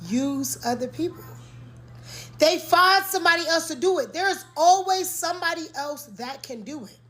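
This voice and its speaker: A young woman with a high voice speaks her mind straight to the camera from her home. She is blunt and emphatic and hammers her points by repeating them. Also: lively intonation, normal speed, fairly bright tone. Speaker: content creator. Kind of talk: candid monologue to camera.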